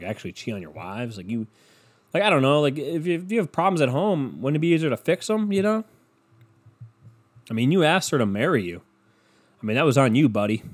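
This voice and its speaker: A man talking casually and alone, rambling and swearing, often trailing off into a mumble. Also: mid-range voice. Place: home room with a barking dog.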